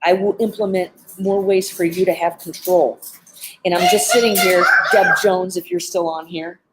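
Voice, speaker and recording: Sitting among birds at an animal center, an earnest animal behavior trainer with a low voice gives advice in a live stream. She speaks at normal speed with fairly even intonation, sincere and heartfelt, using frequent "um" fillers. There's heavy background noise.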